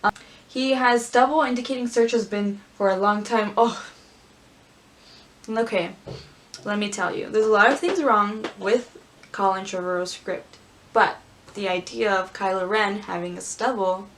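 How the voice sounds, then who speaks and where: A woman vlogger reading aloud and chatting casually, gushing and squealing with excitement. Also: mid-range voice, unhurried, long pauses. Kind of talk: casual script-reading commentary.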